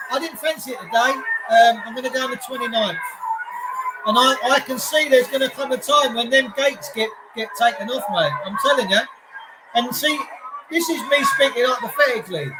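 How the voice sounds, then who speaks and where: A man's voice: very high voice, poor audio. A middle-aged man, ranting to viewers on a live stream in an emphatic, repetitive way. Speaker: livestreamer. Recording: loud background noise.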